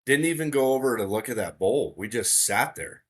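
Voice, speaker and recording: A man's voice: mid-range voice, expressive, fairly quick. A man as a podcast guest telling a story in casual conversation, earnest, repeating words for emphasis.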